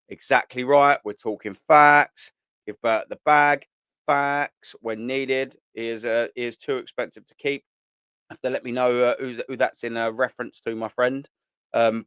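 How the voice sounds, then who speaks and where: Here a man hosting a live fan show chats through viewer comments, blunt and profane, leaning on slang and repeating himself. His medium-pitched voice is fairly bright and clean, captured in a dry recording.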